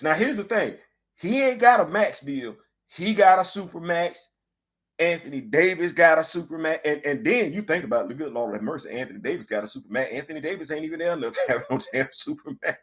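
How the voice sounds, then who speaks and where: High-voiced man ranting about sports. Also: a little fast. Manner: animated, rhetorical questions, colloquial. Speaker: host. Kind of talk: casual opinion commentary.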